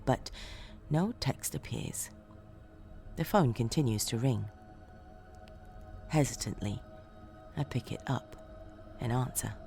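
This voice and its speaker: A woman narrating a first-person horror story in a dramatic, expressive way, moving between hushed lines and shouts. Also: a bass voice, gravelly.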